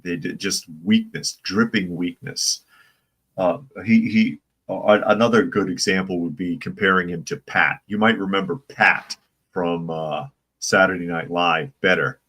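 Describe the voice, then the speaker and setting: A man's voice: deep voice, steady tone, measured pace, fairly bright tone, breathy edge. A man hosting a casual live-stream commentary show, opinionated and rambling, reading viewer chat comments aloud. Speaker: political commentary channel host.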